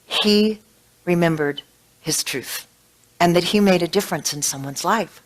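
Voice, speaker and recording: A spiritual practitioner gives a sermon to a small congregation, telling a story with feeling in an emotional, animated way and laughing now and then. Her voice is low and the recording quality is poor.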